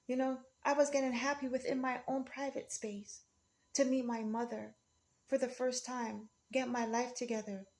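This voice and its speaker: A woman's voice: fairly high pitch, a little mellow. A woman speaking in an emotional, rambling monologue, defiant and often repeating herself.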